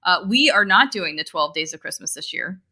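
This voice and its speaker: A woman on the low side of pitch speaks a little fast with lively intonation and a sharp tone. As co-host of a casual business chat and an e-commerce marketer, she chats loosely, heavy on fillers and restarts.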